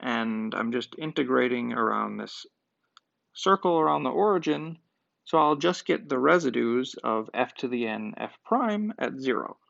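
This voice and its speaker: A man's voice: medium pitch, moderate pace, gravelly, a bit bright, dry recording. A man teaching a math lecture, working through a proof step by step and thinking aloud with occasional fillers. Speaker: math professor. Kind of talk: lecture at a board. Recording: dull lo-fi dry sound.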